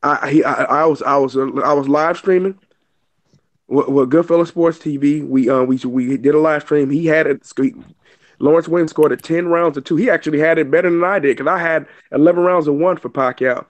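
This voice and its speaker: A man's voice: fairly high pitch, fairly even intonation, fairly quick. A man speaking emphatically and at length as a guest on a casual online boxing panel, stumbling and restarting. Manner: emphatic, preachy, lots of restarts.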